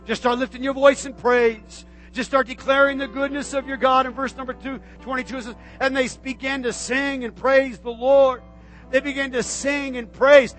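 A man preaching a sermon as pastor, repeating phrases and swinging between shouted exhortation and hushed, intimate speech. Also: very high-pitched, fairly even intonation, a little fast, faint music behind. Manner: repetitive, call-and-response preaching.

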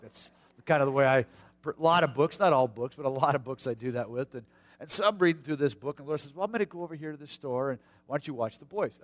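A middle-aged American pastor with a mid-range voice preaches a sermon. He tells a personal story in a folksy manner, shifting between hushed asides and sudden shouts.

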